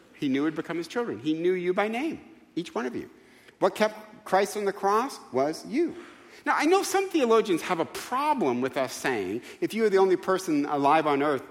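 A man's voice: high-pitched, in a large hall. A man preaching a sermon in a church, emphatic and full of rhetorical questions. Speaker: pastor. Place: church sanctuary.

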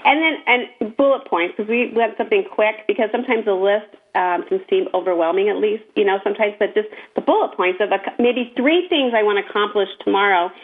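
A woman's voice: medium pitch, a little fast, hardly any pauses. A woman co-hosting a casual chat, speaking in an earnest, encouraging way. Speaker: podcast co-host. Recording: tinny phone-line sound.

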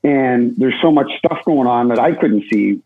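Rambling former referee on muffled audio. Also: male voice, medium pitch, expressive, slight background noise. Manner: rambling, halting, many restarts. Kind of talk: casual chat.

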